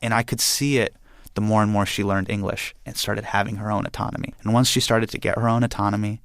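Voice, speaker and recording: A young adult man telling a personal story in an animated way, acting out the voices of his family. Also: on the low side, quick pace, no room sound, studio quality.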